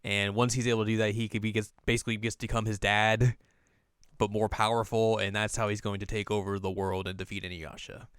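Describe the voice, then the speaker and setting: A man's voice: on the low side, little pitch movement, fast talker, a bit bright, smooth, no room sound, studio quality. A man co-hosting a casual chat, talking in a laid-back, jokey way and laughing often. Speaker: co-host.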